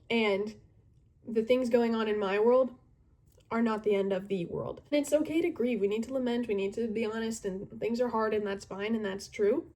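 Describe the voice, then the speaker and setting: Her medium-pitched voice has a dark tone. She's a twenty-something youth group leader chatting to camera, earnest and casual, pausing to think and using plenty of fillers.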